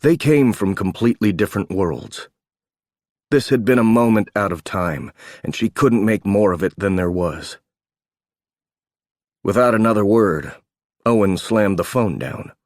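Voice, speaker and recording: A man with a low voice narrating an audiobook, steady and measured. The sound is dry and close to the mic, with no room at all. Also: no echo. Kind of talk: scripted narration.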